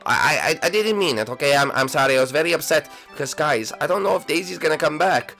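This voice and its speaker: A man's voice: a little high, expressive, quick pace, gravelly, pushed and bright, faint music behind, voice pushed down, full character voice. A man voicing an anxious, lovesick young hero who whines and stammers, in a Minecraft role-play.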